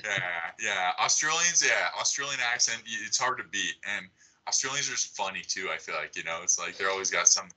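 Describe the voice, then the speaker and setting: A man's voice: low voice, expressive, fairly quick, pushed and bright, rough recording. A young man chatting casually as a podcast guest, swearing freely and full of likes and you-knows. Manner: swears a lot, laid-back filler-heavy talk. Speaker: podcast guest, jiu-jitsu competitor.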